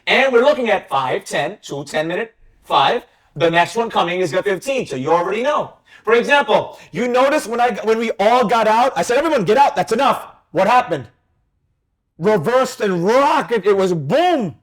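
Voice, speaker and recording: Male trading teacher, high voice, animated and emphatic, fires questions at students. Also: moderate pace. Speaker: trading instructor. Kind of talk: live trading class discussion.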